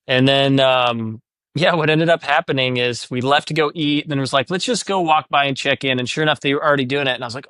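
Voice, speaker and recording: A man hosts a casual podcast conversation, his voice at an ordinary middle pitch. He tells stories with energy and slips into the voices he quotes. The sound is close and dry, with no room around it. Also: fast talker, smooth, dry recording. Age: adult, divorced four years ago. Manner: animated storyteller, acts out quoted voices. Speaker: podcast host.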